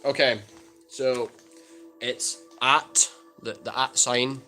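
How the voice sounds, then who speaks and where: Chatty Scottish man, bright voice. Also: mid-range voice, steady tone, takes it slowly, soft background music. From Scotland. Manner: joking, chatty, reads and answers viewer comments. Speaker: livestream host answering chat. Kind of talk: casual livestream Q&A.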